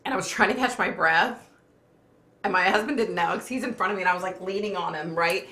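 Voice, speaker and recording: A woman's voice: fairly low pitch, fast, pushed and bright. A middle-aged woman hosting a casual livestream, chatty and laughing often as she reads viewer comments aloud. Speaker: livestream host. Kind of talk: casual live chat. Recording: echoey room.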